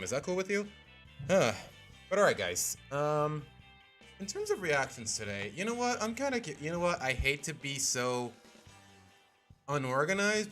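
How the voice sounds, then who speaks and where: A man's voice: medium pitch, fairly bright tone. Rambling man chatting on a livestream. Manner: rambling, keeps saying "you know what". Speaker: streamer. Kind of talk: casual livestream chat.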